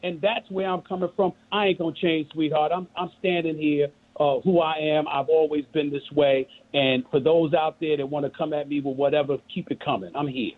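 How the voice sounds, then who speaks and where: Forceful New York man on a phone line. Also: a little high, fairly even intonation, a little fast, few pauses. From Queens, New York. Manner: forceful, emphatic and preachy, with repetition. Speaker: guest. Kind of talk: impassioned interview talk.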